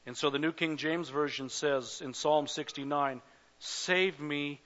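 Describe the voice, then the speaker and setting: Preacher guy at a church service, fairly high voice, gets fired up and loud, dull muffled recording. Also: fairly even intonation, unhurried. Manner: impassioned preaching that swells to loud cries; addresses the congregation directly. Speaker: pastor. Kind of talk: sermon.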